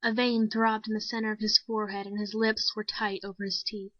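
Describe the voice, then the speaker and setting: A woman narrating a short story in a measured, even storytelling manner. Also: mid-range voice, no echo. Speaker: story reader. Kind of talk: scripted narration. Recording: dry, dull lo-fi sound.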